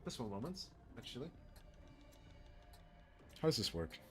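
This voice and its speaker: A man's voice: mid-range voice, sing-song, unhurried, a little mellow, soft background music. A man streaming a game, chatting casually, joking and swearing freely. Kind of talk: casual gaming stream commentary.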